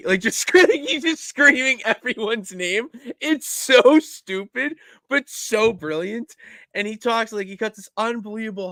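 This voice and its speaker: A man co-hosting a wrestling podcast, chatting casually and telling stories in an animated way. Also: high-pitched, no room sound, clean studio sound. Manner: animated storytelling, bursts into loud laughs. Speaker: podcast co-host. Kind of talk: casual chat.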